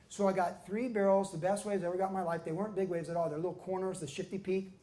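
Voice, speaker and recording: An older man, a pastor and former pro surfer, telling his life story to an audience as an animated storyteller who acts out quotes. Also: high voice, quick pace, hardly any pauses, reverberant. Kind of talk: storytelling talk at a book event. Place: surfing museum event hall.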